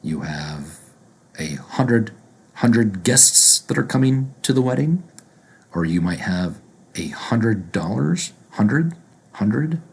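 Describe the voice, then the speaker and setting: A man teaching pronunciation, speaking deliberately and repeating each word slowly. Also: fairly low pitch, very animated, vocal fry, a little mellow, slightly rough. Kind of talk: slow instructional explanation.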